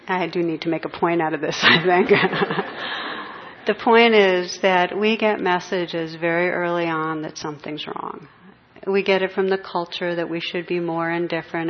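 A woman giving a spiritual talk as a meditation teacher, speaking gently and reflectively with pauses. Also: on the low side. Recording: dull muffled recording.

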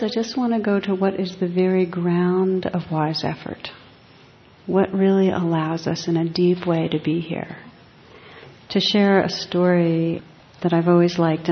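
A woman teacher gives a reflective dharma talk, slow and soft with long pauses. Her voice sits a little low. A long hall reverb and a dull, lo-fi sound wrap every word. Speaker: meditation teacher.

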